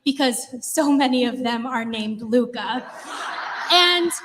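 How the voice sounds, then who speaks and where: High-voiced woman telling a funny story. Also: slow, noisy background. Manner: animated, laughing, chatty with many "like"s. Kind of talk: comedic personal storytelling. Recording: long hall reverb.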